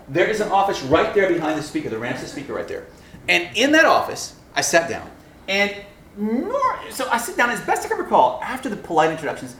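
Animated preacher man, echoey room. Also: fairly high pitch, slight background noise. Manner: animated, acts out dialogue with laughs. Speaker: campus pastor. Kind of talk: sermon storytelling. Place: lecture room.

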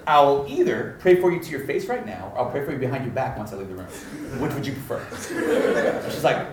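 A man preaching a sermon, telling a story and acting out the dialogue in an animated way. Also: mid-range voice, brisk, a little hiss or hum. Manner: animated, acts out dialogue with laughter. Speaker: pastor. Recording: echoey room, mic at a distance.

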